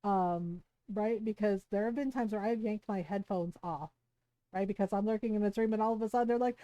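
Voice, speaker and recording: A woman's voice: medium pitch, normal speed, warm tone, no room sound. A middle-aged woman streamer chatting casually while gaming, laughing often and swearing freely.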